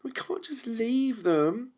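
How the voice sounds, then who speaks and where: A man's voice: very high-pitched, sing-song, slow, darkish tone, pitched above the performer's own voice, heavily acted. A man doing a whiny, pleading young woman. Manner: pleading, tearful. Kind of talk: audiobook character voice.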